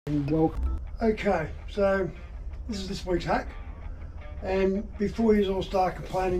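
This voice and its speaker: High-voiced Australian bloke chatting to camera. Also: male voice, unhurried, pauses often, warm tone, soft background music, poor audio. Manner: chatty, matey, addresses viewers directly. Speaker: vlogger. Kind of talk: casual chat to camera while working on a motorbike.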